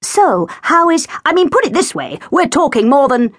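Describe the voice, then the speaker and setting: A self-important man who trumpets every sentence with a bouncy, swinging pitch, as a woman narrator puts him on. His voice is dry and close, as in an audiobook reading. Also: big pitch swings, moderate pace, dry recording. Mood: pompous. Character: pompous loud man, trumpeting about finance.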